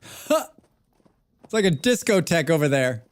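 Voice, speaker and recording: A man's voice: on the high side, sing-song, normal speed, no echo. A man live-streaming a survival game, chatting casually with his viewers and repeating his own phrases. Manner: chatty, talks to himself and chat, repeats phrases.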